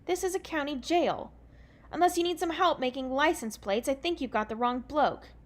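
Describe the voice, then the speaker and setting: A woman reading aloud and voicing a cocky young man, with a loose attempt at an English accent and a loud, teasing manner. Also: high-pitched, moderate pace, pitched above the performer's own voice, natural voice.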